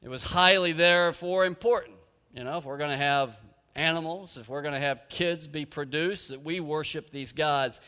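A man's voice: fairly high pitch, normal speed, sharp tone, smooth. A man preaching a sermon as pastor, earnest and emphatic, with rhetorical questions, in a church sanctuary. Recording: echoey hall with long reverb.

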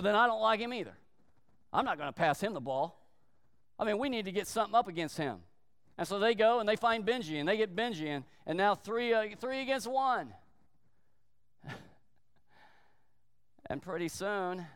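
High, clear-voiced man preaching a sermon. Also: in a large hall. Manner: emphatic preaching, slowing down for weight, brief acted quotes. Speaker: pastor.

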